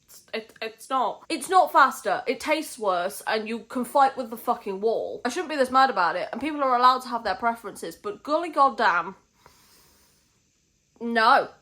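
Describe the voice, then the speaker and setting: British woman, young, casual book vlogger, slightly high voice, sweary ranter. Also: animated, normal speed, hardly any pauses, sharp tone. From Britain. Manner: chatty, swears freely, ranting in mock outrage. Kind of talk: casual vlog chat.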